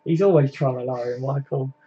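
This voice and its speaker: A man's voice: medium pitch, moderate pace, warm tone, slightly rough, highs cut off. A young man hosting a casual live stream, chatting and reading out viewer comments, with lots of tag questions and "mate". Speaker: fan channel host.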